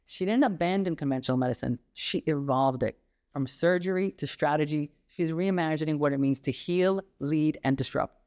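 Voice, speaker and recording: A woman's voice: sits low, normal speed, darkish tone. A middle-aged woman hosting a health podcast, reading a scripted intro and then chatting with a guest in an upbeat, enthusiastic way. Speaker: podcast host. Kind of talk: scripted intro then casual interview chat.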